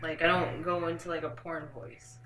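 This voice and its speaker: A woman from New York with a New York accent, chatting as a podcast guest, animated and laughing often as she tells stories. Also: low voice, normal speed. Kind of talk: casual podcast chat. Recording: echoey room.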